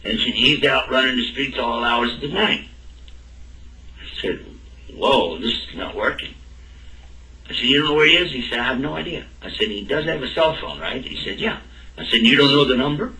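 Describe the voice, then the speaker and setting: Male storyteller, bright, voices every character, echoey room. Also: medium pitch, moderate pace. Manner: animated, acts out both sides of the dialogue. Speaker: speaker telling a personal story. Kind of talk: anecdotal storytelling talk. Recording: roomy and distant from the mic.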